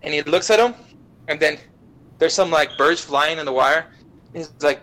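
A man's voice: a little high, rough recording. Young man cursing through an anime recap. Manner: profane, animated retelling with quick voices for characters. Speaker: podcast guest.

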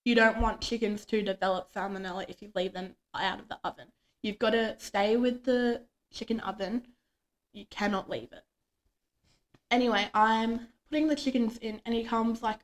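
A woman's voice: on the high side, fairly even intonation, moderate pace. A young woman, chatting casually as a podcast co-host and acting out quoted lines from her workday. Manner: chatty storytelling, acts out quoted dialogue. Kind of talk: casual chat.

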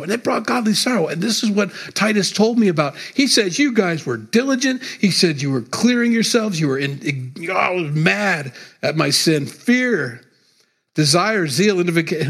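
Husky-voiced man preaching emphatically. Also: a little high. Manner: emphatic, repetitive preaching with sudden loud rises and quiet drops. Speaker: pastor. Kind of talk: sermon.

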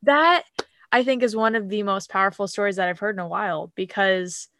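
A woman's voice: mid-range voice, steady tone, fast talker, fairly bright tone, a little hiss or hum. A woman hosting a podcast, responding to her guest in an enthusiastic, affirming way. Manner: enthusiastic and affirming, with many fillers. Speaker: podcast host. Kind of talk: supportive interview talk.

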